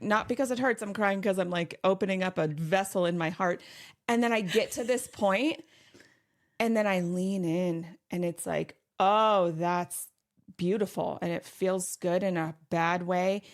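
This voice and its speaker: A woman's voice: lowish voice, steady tone, normal speed. A middle-aged woman co-hosting a podcast, telling a rambling personal story full of "like" and restarts. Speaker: podcast co-host. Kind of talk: casual podcast chat.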